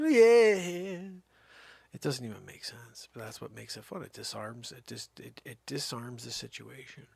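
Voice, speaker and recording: Gravelly, playful man doing goofy comedy. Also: medium pitch, expressive, measured pace, no echo, clean studio sound. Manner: goofy, jumps between whispers and loud silly character voices; rambling and playful. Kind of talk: stand-up comedy monologue.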